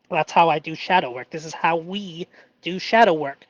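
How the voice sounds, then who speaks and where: An earnest man speaks slowly and haltingly, thinking aloud about his feelings with many fillers. His voice sounds dull and lo-fi in a completely dry room. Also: a little high, no echo. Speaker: live-stream host. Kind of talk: emotional self-reflective live stream.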